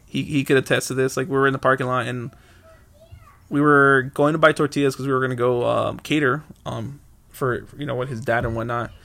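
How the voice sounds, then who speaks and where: A young man with a gravelly, creaky voice at an ordinary middle pitch, hosting his own podcast. He rambles through casual stories, swearing and stopping to correct himself. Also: level tone, moderate pace, a bit bright. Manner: rambling, loose and profane, many fillers and self-corrections. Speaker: podcast host. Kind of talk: casual solo storytelling.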